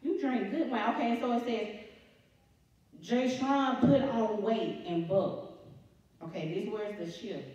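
A woman's voice: mid-range voice, takes it slowly, pauses often, warm tone. A woman church elder preaching a sermon. She repeats her phrases and asks the congregation questions. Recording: very echoey church hall, distant mic, dull sound.

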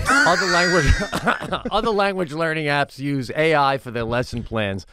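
A man's voice: fairly high pitch, unhurried, noisy background. A man co-hosting a podcast, speaking upbeat and direct to listeners, also reading an ad. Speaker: podcast co-host. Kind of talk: casual podcast chat and ad read.

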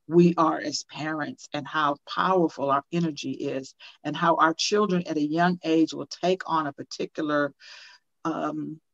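A woman's voice: on the low side, a bit bright, muffled recording. An older woman and motivational speaker, talking as an interview guest and telling personal stories in an earnest, preacher-like way.

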